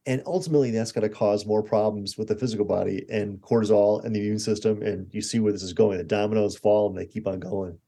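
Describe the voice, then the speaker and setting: A man in his sixties, a guest expert telling animated anecdotes in a conversational interview. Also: fairly low pitch, fast, hardly any pauses, slightly rough. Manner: animated anecdotes with acted-out quotes.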